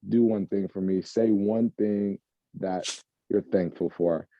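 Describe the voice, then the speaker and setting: A man co-hosting a podcast in casual, joking chat, now and then breaking into slow crooning. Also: on the low side, steady tone, dry recording. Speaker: podcast co-host. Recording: dull lo-fi sound.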